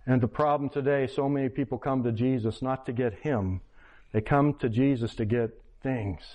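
A man's voice: mid-range voice, moderate pace, mellow. An older man preaching a sermon as a pastor, earnest and pleading, telling stories to make his point. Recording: dull lo-fi recording.

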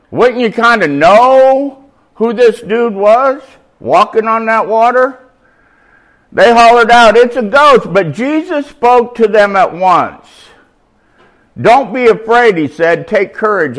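A man's voice: on the high side, fairly bright tone. A middle-aged man preaching an informal, slangy sermon at a recovery meeting, shifting from easy talk to emphatic bursts.

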